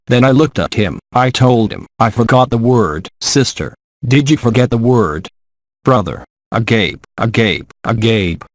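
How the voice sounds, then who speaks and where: A man's voice: medium pitch, no room sound. Man reading a dry, close translation. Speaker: translation voice-over. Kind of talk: voiced-over English translation of a spiritual gathering.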